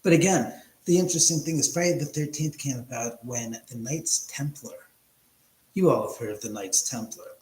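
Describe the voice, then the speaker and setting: A man's voice: medium pitch, normal speed, a little mellow. A middle-aged man hosting a casual livestream from his house, rambling and correcting himself as he tells stories. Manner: rambling, self-correcting storyteller. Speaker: livestream host. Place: house, indoors. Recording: echoey room.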